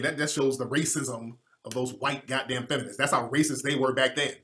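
A man's voice: mid-range voice, a bit bright. A man giving a heated commentary rant, emphatic and repetitive, with frequent swearing. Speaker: online commentator.

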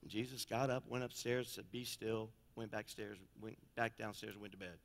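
A man preaching a sermon as pastor, telling stories in a folksy way and swinging between loud and quiet passages. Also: on the low side, steady tone, a little fast, vocal fry. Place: church sanctuary. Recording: long church reverb.

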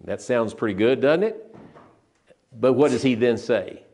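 An older man delivering a sermon at a medium pitch, earnest and emphatic. He slows down to stress the verses and tends to repeat and restart his phrases. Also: lively intonation, darkish tone, breathy edge. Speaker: preacher.

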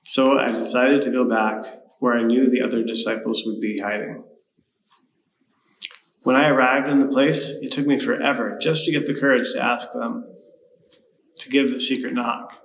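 In a church sanctuary during worship, a man gives a lightly acted, first-person dramatic monologue as Thomas, the grief-stricken, bitter, doubting disciple, sounding bitter and sarcastic. His medium-pitched voice is steady and fairly bright at normal speed, with long pauses. The recording is rough and reverberant.

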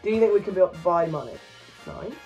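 A man co-hosting a casual chat, making sarcastic, deadpan jokes. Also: sits high, brisk, faint music behind. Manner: sarcastic, deadpan jokey remarks. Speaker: co-host. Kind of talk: casual chat while browsing a shopping site.

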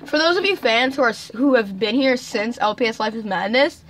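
A woman's voice: on the high side, animated, brisk, fairly bright tone, slight background noise, poor audio. A teenage girl joking around with her sister in casual chat, goofy and blurting random silly lines. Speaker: sister and co-host. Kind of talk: chaotic casual chat with a sibling.

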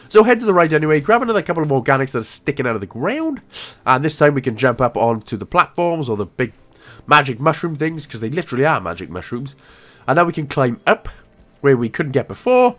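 A man's voice: medium pitch, fairly bright tone. A young Welsh man giving casual, rambling gameplay walkthrough commentary with jokey asides. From Wales.

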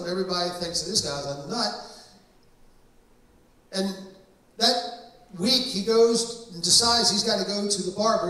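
In an echoey church hall, a male pastor preaches a deliverance-service sermon, telling stories emphatically and using lots of fillers. His voice is high, pushed, and bright, and the mic is distant.

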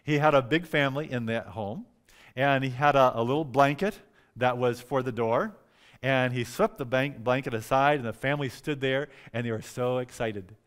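Man, pastor, revival sermon, animated storytelling, repeats words for emphasis, church. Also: medium pitch, moderate pace, clear, resonant tone. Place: church sanctuary.

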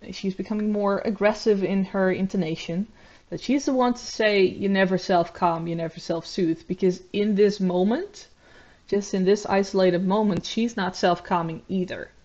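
A woman commentating on a video, talking in a measured, reflective way with frequent ums and uhs. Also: mid-range voice, darkish tone, highs cut off. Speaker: YouTube commentator. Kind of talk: analytical commentary.

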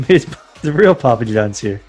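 A man's voice: mid-range voice, lively intonation, normal speed, a little mellow, faint music behind. A young man co-hosting a crude movie commentary podcast, wisecracking, laughing often and stammering. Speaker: podcast co-host.

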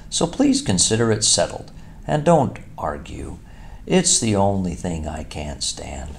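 A man voicing a boastful, excitable male toad in a storybook reading, with a grand, gushing manner. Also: low-pitched, gravelly, a little hiss or hum, full character voice. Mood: pleading. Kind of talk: storybook character voice.

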